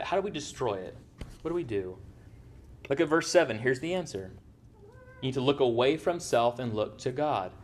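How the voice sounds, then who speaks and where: A man's voice: mid-range voice, a little hiss or hum. A man preaching a sermon as pastor, in a conversational way, often checking in with "right?". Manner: conversational, tags points with "right?".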